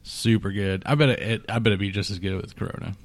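A man in a casual beer-tasting chat, cracking deadpan jokes. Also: lowish voice, fast, no room sound. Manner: deadpan joker.

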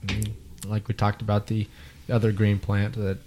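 Lowish-voiced man hosting a beer chat. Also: completely flat delivery, normal speed, noisy background. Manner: explanatory, introduces each beer. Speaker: beer podcast host. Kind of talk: casual chat.

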